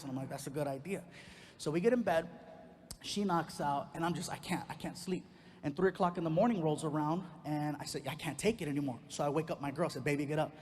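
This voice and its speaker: A man's voice: quick pace, a little hiss or hum. A middle-aged man doing stand-up storytelling on a comedy club stage, acting out the voices of people in his story. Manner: animated, acts out quotes with big pitch jumps.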